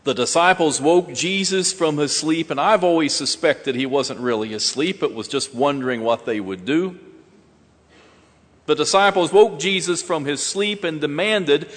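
A man preaching a sermon slowly and deliberately, with dramatic pauses and rising emphasis. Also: fairly high pitch, long reverb tail.

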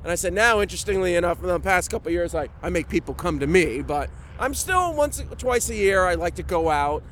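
Talkative flight instructor guy, high voice, faint traffic noise outside. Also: fairly quick. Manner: chatty, animated storyteller. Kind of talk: enthusiastic interview talk.

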